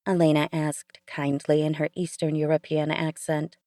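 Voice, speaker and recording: A woman reading audiobook fiction in a low, unhurried voice with a mellow, dark tone. Her delivery is measured and even. The recording is dry and close. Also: no room sound. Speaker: audiobook narrator. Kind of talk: scripted audiobook narration.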